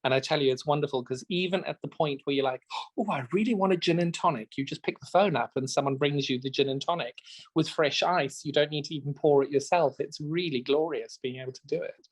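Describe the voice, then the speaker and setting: A man's voice: fairly high pitch, quick pace. A man in casual podcast chat, playful and full of anecdotes, co-hosting a show about quilting retreats. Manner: chatty, playful, tells anecdotes.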